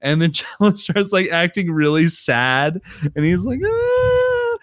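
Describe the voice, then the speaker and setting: Man, casual chat, smooth clear voice, dry close sound, laughs a lot, quick character voices. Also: fairly high pitch, a bit bright, dry recording. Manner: laughing, retells scenes with quick put-on voices. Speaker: podcast co-host.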